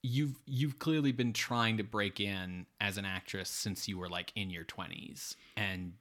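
A man's voice: lowish voice, steady tone, unhurried, a bit bright. Rambling sardonic man reviewing a movie. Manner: rambling, filler-heavy, sardonic. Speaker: podcast co-host. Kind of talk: casual movie review chat.

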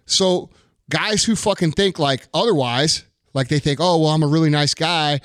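A man's voice: a little high, moderate pace, fairly bright tone, clear, resonant tone, no room sound, studio quality. A man giving blunt dating advice in casual podcast chat, profane and emphatic.

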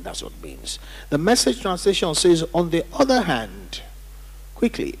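A man's voice: a little high, huge pitch swings, moderate pace, breathy edge. A man preaching a sermon as pastor, emphatic, calling on the congregation to read and repeat after him. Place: church hall during service. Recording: church hall reverb.

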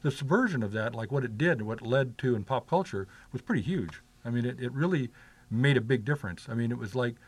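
Fast-talking older man, rambling stories. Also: mid-range voice, expressive, husky. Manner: rambling, many filler "like"s and restarts. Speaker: guest. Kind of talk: casual storytelling chat.

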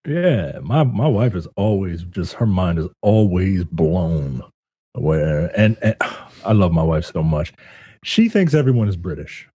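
A lowish, mellow man with a husky edge, joking through a casual gaming podcast. His pitch jumps about as he tells animated stories. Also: measured pace, no room sound, clean studio sound. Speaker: podcast co-host.

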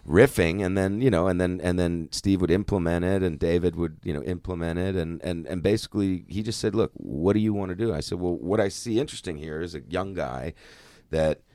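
A man's voice: low voice, fairly quick, few pauses, dark tone, no room sound, studio quality. A middle-aged man, an actor guest, telling stories in a casual interview, swearing freely and acting out quoted dialogue.

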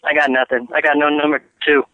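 A man's voice: on the high side, level tone, fast, dry recording, narrow, tinny audio. A male caller chatting casually over the phone in a laid-back, joking way.

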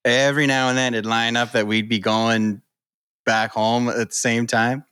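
New man, relaxed podcast co-host, bright and animated, dry close mic. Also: medium pitch, normal speed, clear, resonant tone, no room sound. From New Brunswick, Canada. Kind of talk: casual chat.

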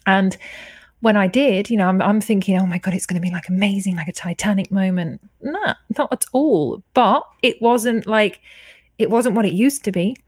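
Woman, podcast guest, frank and earnest, mid pitch, dry sound. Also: a little fast, darkish tone, husky, no echo. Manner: frank, earnest, swears freely. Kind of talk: candid personal storytelling.

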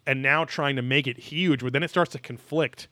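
A man's voice: medium pitch, normal speed, pushed and bright, no echo. A man hosting a podcast, talking in a loose, rambling way, full of fillers and crude jokes. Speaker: podcast host. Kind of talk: casual commentary chat.

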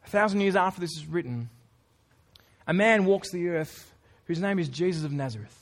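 Male preacher, high voice, earnest, chatty sermon delivery. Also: animated, moderate pace. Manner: casual, earnest, with informal asides. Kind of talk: conversational sermon.

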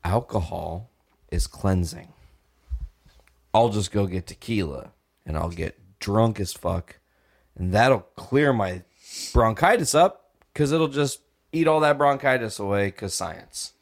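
A man's voice: lowish voice, expressive, slow pace, creaky, pauses often. A young man co-hosting a podcast, telling a long profane story and acting out the voices in it. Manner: profane, acts out quoted voices. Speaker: podcast co-host. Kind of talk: animated storytelling.

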